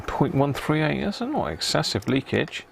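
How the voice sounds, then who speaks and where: A man's voice: a little high, creaky, slight background noise. A man hosting a casual live stream, chatting with viewers and muttering to himself as he tests parts at an electronics workbench. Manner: chatty, answers live chat, mutters while testing parts. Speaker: live-stream host repairing a vintage radio. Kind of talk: casual live-stream chat while working.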